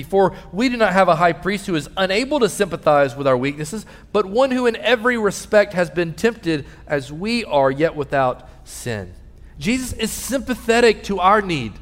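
A man preaching a sermon as pastor, telling stories earnestly and dropping soft and low in tender moments. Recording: long reverb of a large hall.

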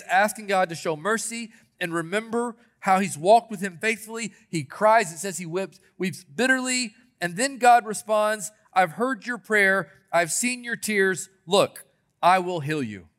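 A man delivers a sermon, his voice sitting noticeably high for a male speaker. He retells scripture stories with earnest, deliberate emphasis. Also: a bit bright. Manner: earnest preaching, quotes scripture, dramatic pauses. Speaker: pastor.

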